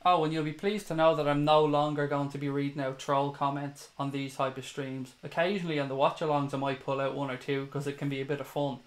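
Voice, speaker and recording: A man's voice: a little high, little pitch movement, quick pace, hardly any pauses. A man from Dublin with an Irish accent, hosting a live fan chat stream, talking straight to viewers, opinionated and swearing freely. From Ireland (Dublin). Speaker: fan channel host.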